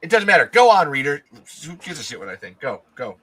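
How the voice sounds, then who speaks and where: An excitable man hosting a casual stream chat, laughing and swearing freely. His voice is bright and edgy, rising and falling a lot, and sits a bit high. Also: fast talker.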